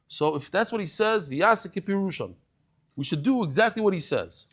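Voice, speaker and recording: A man giving a daily Talmud class, telling stories with lively acted-out quotes and sprinkling in Hebrew and Yiddish terms. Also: high-pitched, brisk. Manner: animated storyteller, acts out quoted voices. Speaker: daf yomi lecturer.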